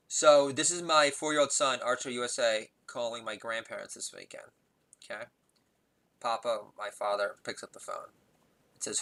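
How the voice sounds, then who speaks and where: A New man talks through a loose stand-up monologue at a middling pitch he never loses. He wanders off on tangents, loses his thread, and chuckles at his own punchlines. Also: steady tone, moderate pace, a bit bright, rough recording. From New York. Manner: rambling, digressive, laughs at own jokes. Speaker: comedy podcast host.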